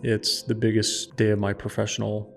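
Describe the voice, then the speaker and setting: A man's voice: fairly low pitch, completely flat delivery, moderate pace, creaky, soft background music. A man in his thirties, a podcast guest and founder, telling a personal story in an earnest, emphatic way.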